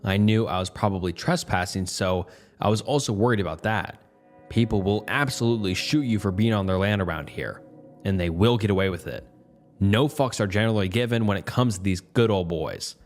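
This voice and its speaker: Low-voiced guy telling a creepy story first-person, faint music under it. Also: a little fast. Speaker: story narrator.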